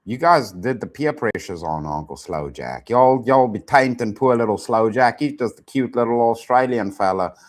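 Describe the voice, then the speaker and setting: A man's voice: medium pitch, animated, normal speed, hardly any pauses. A South African man hosting a reaction show, joking and laughing in loose casual commentary. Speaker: host.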